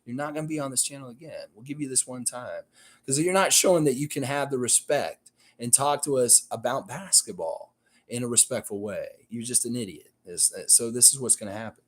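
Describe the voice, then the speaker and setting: A man's voice: mid-range voice, brisk. A man with a Southern American accent, streaming live and reading chat comments aloud, ranting in a heated, blunt and profane way. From United States and Canada. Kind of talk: casual live-stream rant.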